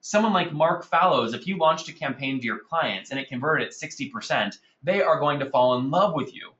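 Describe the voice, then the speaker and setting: A man's voice: on the high side, fairly quick, echoey room, muffled recording. Upbeat man hosting a marketing webinar. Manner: energetic, salesy, addresses audience as guys. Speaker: webinar host.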